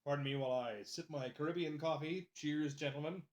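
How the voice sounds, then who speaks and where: A man's voice: a little high, a little fast. A man casually chatting on a live stream, playfully greeting his viewers by name. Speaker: livestreamer.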